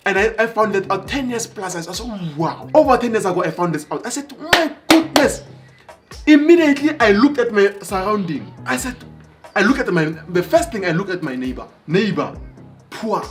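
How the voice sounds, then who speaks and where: High-voiced motivational speaker. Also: male voice, moderate pace, music in the background. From South Africa. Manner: animated, acts out dialogue, repeats phrases for emphasis. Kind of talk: motivational storytelling monologue.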